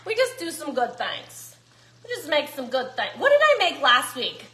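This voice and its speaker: A woman's voice: sits high, huge pitch swings, moderate pace, roomy sound, a little hiss or hum. Chatty woman cooking at home. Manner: chatty, folksy, talks to viewers as y'all. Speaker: cooking vlogger. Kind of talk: casual cooking chat. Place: home kitchen, echoey.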